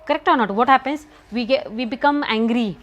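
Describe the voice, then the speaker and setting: A woman's voice: a little high, a little fast, fairly bright tone, dull audio. A middle-aged woman with a Marathi accent teaching an English lesson to children, often repeating herself and asking the class questions. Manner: repetitive, asks students questions often. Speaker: school teacher.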